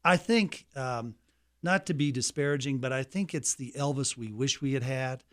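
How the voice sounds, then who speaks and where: A man's voice: medium pitch, normal speed. A man in his seventies from Colorado, a guest in a casual interview, telling anecdotes at a leisurely pace with restarts.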